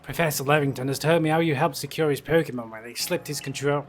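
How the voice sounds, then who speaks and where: A man's voice: fairly high pitch, fast, faint music behind, close to an everyday voice. A man voicing a cold, formal female captain in a game. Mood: stern.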